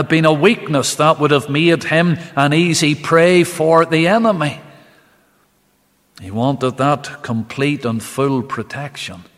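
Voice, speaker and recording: A man of middle pitch preaches a Bible study to the camera, measured and unhurried. He presses key phrases with emphasis. His voice rings with the long reverb of an empty church. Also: a bit bright. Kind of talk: midweek Bible study sermon. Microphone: camera recording for online viewers.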